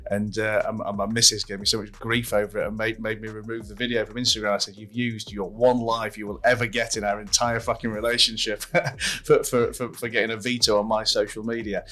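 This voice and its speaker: A man's voice: lowish voice, little pitch movement, fairly quick, bright, forceful tone. A man hosting a podcast, telling a long personal story with lots of repeats, restarts and swearing. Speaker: podcast host. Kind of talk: casual interview chat.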